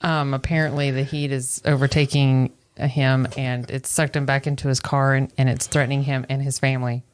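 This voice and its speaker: Low-voiced casual Southern woman. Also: level tone, moderate pace, clean tone. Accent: Southern US, East Tennessee. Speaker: podcast co-host. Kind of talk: casual chat.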